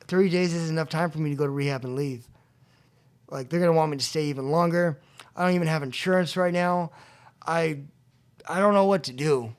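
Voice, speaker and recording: Animated young man telling his story. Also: a little high. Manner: animated storyteller, acts out quoted voices, laughs often. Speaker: podcast guest. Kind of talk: storytelling about addiction recovery. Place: convention venue.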